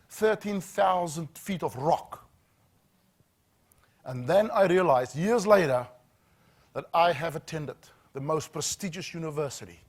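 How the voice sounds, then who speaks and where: South African male trainer with a slightly high voice, dramatic pauses, anecdotal keynote delivery. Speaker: safety training speaker. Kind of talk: storytelling keynote talk. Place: training room with audience.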